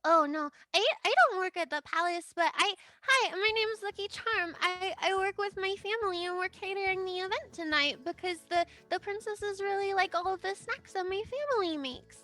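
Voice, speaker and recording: A woman's voice: very high-pitched, normal speed, hardly any pauses, bright, forceful tone, pitched above the performer's own voice. A woman voicing a tiny, shy, eager filly pony girl who stammers politely.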